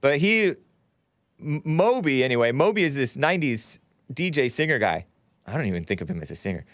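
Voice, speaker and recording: A man's voice: medium pitch, sing-song, brisk, fairly bright tone, no room sound. A man hosting a talk show, giving rambling, sarcastic political commentary with scornful asides.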